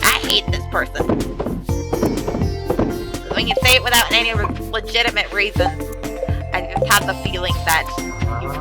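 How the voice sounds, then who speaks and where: A woman's voice: mid-range voice, rough recording. A young woman streamer in casual chat, swearing freely and slipping into silly voices. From an island. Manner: animated, swears a lot, slips into silly voices. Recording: music playing behind the voice.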